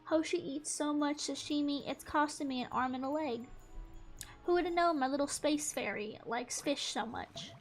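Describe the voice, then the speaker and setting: Young woman streamer, high voice, playful banter over soft game music. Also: moderate pace. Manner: playful, mock-exasperated, talks to the fish. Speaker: gaming streamer. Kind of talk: casual gameplay commentary.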